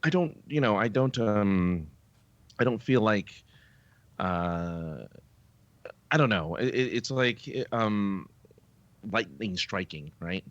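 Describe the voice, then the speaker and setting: A man co-hosting a podcast in casual chat, animated and laughing often, with lots of fillers. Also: lowish voice, takes it slowly, long pauses, no room sound, lo-fi sound. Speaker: podcast co-host.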